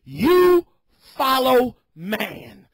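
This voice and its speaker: Shouting husky-voiced male preacher. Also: very high voice, very animated, extremely slow, no echo. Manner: shouting, scolding. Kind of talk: fiery sermon.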